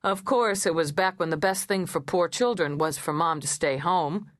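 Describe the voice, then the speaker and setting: A woman's voice: on the low side, normal speed, no room sound, studio quality, lightly acted. A woman doing a wry, quizzing congressman.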